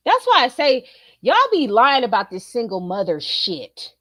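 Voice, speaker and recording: A middle-aged woman talks straight to her viewers in a casual, profane rant and tells her stories with lots of animation. Her voice sits a little high. The sound is close and dry, with almost no room to it. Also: big pitch swings, moderate pace, sharp tone, no room sound. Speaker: streamer giving opinions.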